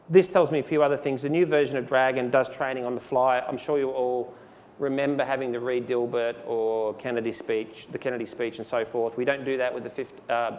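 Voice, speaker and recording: A man giving a relaxed, conversational live software demonstration, with frequent fillers, speaking into a handheld mic. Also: medium pitch. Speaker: presenter. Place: presentation hall. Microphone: handheld microphone. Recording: long hall reverb, faint background noise.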